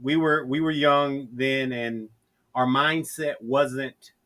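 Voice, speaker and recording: Georgia-born man, bright easygoing voice. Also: mid-range voice, fairly even intonation. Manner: unhurried storyteller with frequent restarts. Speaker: interview guest. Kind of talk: casual interview chat.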